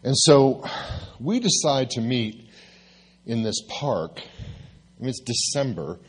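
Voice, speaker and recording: Husky, lively male pastor telling a story. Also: mid-range voice, slow pace. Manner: lively, confessional storytelling with self-mocking asides. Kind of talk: sermon storytelling.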